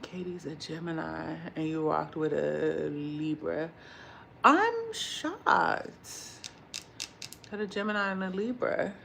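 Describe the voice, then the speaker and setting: A woman chatting casually with her livestream viewers while she cooks in a home kitchen. She tells stories in an animated way, acts out what people said, and curses freely. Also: low voice, slow, gravelly, slight background noise. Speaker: vlogger chatting with live viewers.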